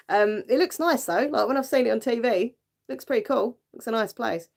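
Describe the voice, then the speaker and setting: A woman's voice: fairly high pitch, normal speed, vocal fry, a little mellow. Chatty, giggly British woman live-streaming. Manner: chatty and giggly, with frequent fillers. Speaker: livestream host. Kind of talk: casual live chat with viewers.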